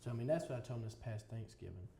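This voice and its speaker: A man's voice: mid-range voice, very fast, creaky, noisy background. A man as a podcast guest, talking in a casual interview with earnest, reflective storytelling. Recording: roomy echo with faint ambience.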